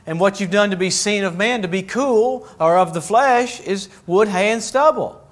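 A man preaching a lively, joking sermon as pastor of a church, acting out little voices as he goes. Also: high-pitched, moderate pace. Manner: animated, jokey, acts out voices.

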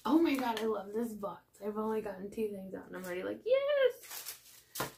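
A chatty woman with a Texan accent gushes her way through an unboxing, her voice carrying a gravelly fry. She slips between bright exclamations and hushed near-whispers, and a steady hiss of noise sits under the recording. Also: mid-range voice, quick pace. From Texas. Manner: gushing, chatty, drifting into soft near-whispers. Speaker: unboxing vlogger. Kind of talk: casual unboxing chat. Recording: noisy home recording.

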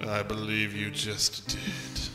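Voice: medium pitch, takes it slowly, over music, voice pushed down, natural voice. A performer putting on a kind, soothing mustached man in a comedy audio drama. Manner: soft, calm and consoling. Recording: long hall reverb, heard from far off.

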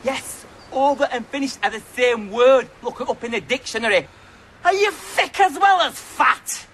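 A man's voice: very high-pitched, animated, moderate pace, a bit bright, a little hiss or hum. An actor playing a brash, boastful and crude young man in a comedy sketch, full of cheeky insults. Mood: ranting. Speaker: comic character.

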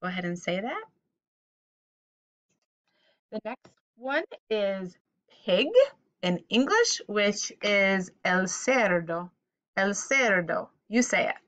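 Slow, patient woman teaching vocabulary. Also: mid-range voice, lively intonation, fairly bright tone. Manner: patient, repeats each word for the listener to echo. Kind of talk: vocabulary lesson for children.

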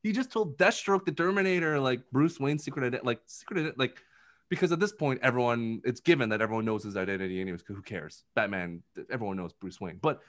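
A man in a casual podcast chat, rambling through his take on a film with a steady stream of filler words. He talks at an ordinary middle pitch and keeps breaking into quick impressions as he goes. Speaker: podcast co-host. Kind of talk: casual movie review chat.

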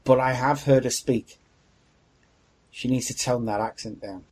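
A man's voice: mid-range voice, fairly even intonation, a little slow, a little mellow. A man co-hosting a podcast, chatting casually, candid and jokey with blunt opinions. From Wales. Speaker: podcast co-host. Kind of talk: casual chat.

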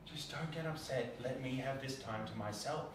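A man's voice: mid-range voice, normal speed. Anxious stammering young man, distant echoey room. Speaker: prankster in a prank video. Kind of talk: staged emotional conversation. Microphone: hidden camera at a distance. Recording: echoey room from far off, faint noise.

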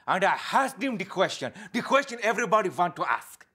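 An actor playing an eccentric male psychic in a comedy sketch, talking in broken English with excitable, crude patter. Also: sits high, fairly quick, slightly rough, heavily acted. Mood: hypnotic. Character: eccentric male spoon-bending psychic impression.

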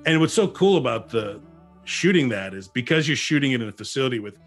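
A man who acts is a guest on an interview show, talking casually and recounting lively anecdotes with lots of restarts. His mid-range voice moves fast, and soft music plays underneath.

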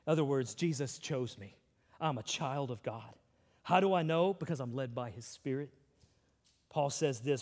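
A middle-aged man preaching a sermon as pastor, swinging between loud emphasis and hushed, quiet passages. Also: medium pitch, normal speed. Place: large church hall. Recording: long hall reverb.

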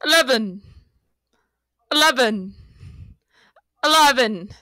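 A woman's voice: high-pitched, animated, slow, no room sound, studio quality, exaggerated voice. A woman voicing an exasperated Scottish woman stuck in a lift, in a put-on Scottish accent, for a comedic fan dub. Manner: exasperated, building to furious yelling. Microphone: close, hot mic.

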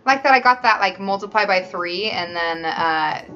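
A woman's voice: fairly low pitch, lively intonation, moderate pace, muffled recording, heavy background noise. A woman hosting a casual gaming chat, sounding sleepy and yawning often as she plays. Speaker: host playing a video game.

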